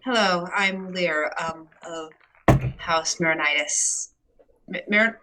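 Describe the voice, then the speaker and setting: A woman's voice: fairly low pitch, slow pace, pushed and bright, a little hiss or hum, poor audio. A woman playing a tabletop role-playing game, speaking in a fussy, polite and insistent way. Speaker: player. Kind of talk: in-character tabletop role-play.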